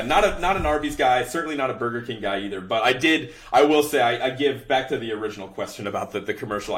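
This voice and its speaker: A man's voice: on the low side, fairly bright tone. A young man hosting a casual sports podcast, venting in an exasperated, laughing way about bad commercials. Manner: ranting, exasperated, laughs often. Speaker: podcast host.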